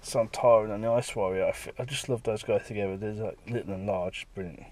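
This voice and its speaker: Lowish-voiced guy showing off his comic pages, rambly, jumps into character voices now and then. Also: fairly even intonation, fairly quick, noisy background. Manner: rambling, acts out bits of dialogue. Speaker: comic artist.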